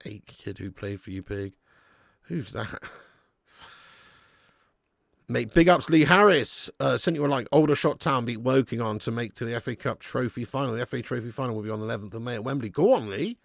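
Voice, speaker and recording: This man leads a live football watch-along, casually commenting, relaying viewer messages and laughing often. He talks fairly quickly in a creaky, medium-pitched voice. The sound is clean, studio-quality, with no room noise.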